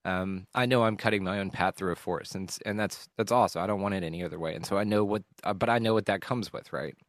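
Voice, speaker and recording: A man hosting a podcast, talking candidly and emotionally about a hard stretch, rambling and swearing with frequent halting restarts. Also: low-pitched, dry recording. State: emotional at times. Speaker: podcast host. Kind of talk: candid personal monologue.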